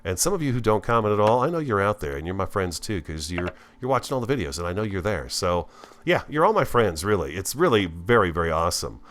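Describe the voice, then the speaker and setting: Folksy low-voiced man narrating gameplay. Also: big pitch swings, fast, few pauses. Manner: folksy, chatty, talks warmly to viewers. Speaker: let's-play host. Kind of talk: casual gameplay commentary.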